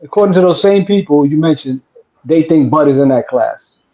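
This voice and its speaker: A man's voice: fairly high pitch, animated, a little fast, dark tone. A man on a panel chat who heckles and jokes with the others. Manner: heckling, joking. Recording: dull lo-fi line.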